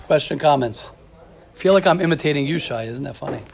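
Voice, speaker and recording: A man teaching a religious study class in a casual, animated lecture, telling stories and calling on students by name. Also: a little high, brisk, creaky, a crowd in the background.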